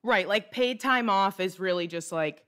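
A woman's voice: medium pitch, moderate pace, fairly bright tone, smooth. A woman co-hosting a podcast in casual chat, chiming in with support and advice. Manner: supportive, chimes in with reassurance. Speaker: podcast co-host.

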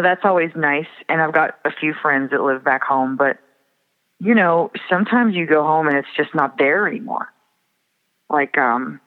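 A man from the Fargo area, a songwriter guest, talking reflectively with many pauses and fillers. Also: a little high. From Fargo area, Minnesota. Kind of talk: casual interview. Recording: tinny phone line with long reverb.

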